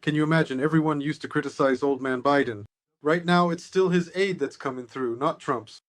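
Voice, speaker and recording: A man's voice: fairly high pitch, brisk, no room sound. A man giving political analysis as an interview guest, sardonic and expansive.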